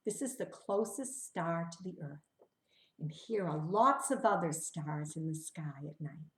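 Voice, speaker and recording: Slow, gentle woman reading to children. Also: mid-range voice. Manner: gentle, coaxing, talks straight to children with questions and hand play; drops to a whisper at times, sings slowly. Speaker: children's storyteller. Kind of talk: interactive children's story reading. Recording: roomy echo.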